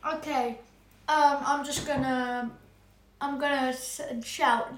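A woman's voice: high-pitched, fairly even intonation, takes it slowly. A woman playing in a tabletop game, talking casually with hesitant fillers. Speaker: player. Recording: echoey room.

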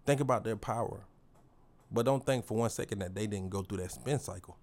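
A man's voice: lowish voice, brisk, darkish tone. A man hosting his own podcast, giving a motivational monologue in a preachy, slang-heavy way and repeating phrases for emphasis. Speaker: podcast host.

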